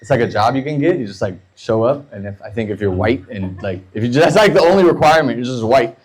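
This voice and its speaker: An American stand-up in his thirties tells loose, crude stories, quickly mimicking the people in them. His mid-range voice is slightly rough with lively intonation, and the recording itself is rough too.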